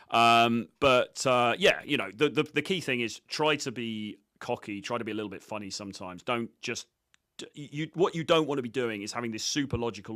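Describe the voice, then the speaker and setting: Dating coach guy talking over his street clips, cocky, swears a lot, kinda low voice, dry. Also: a bit bright, no echo. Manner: casual, cocky, swears freely. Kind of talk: commentary on his own street footage.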